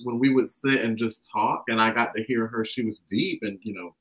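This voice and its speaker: Young Southern guy, average-pitched, chatty and rambling, animated quotes. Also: normal speed, hardly any pauses, rough recording. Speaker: guest. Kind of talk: casual spiritual conversation.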